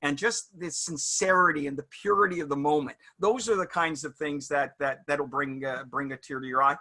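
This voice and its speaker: A middle-aged man, a guest in a casual interview, telling anecdotes in a reflective, halting way. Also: fairly high pitch, bright, forceful tone.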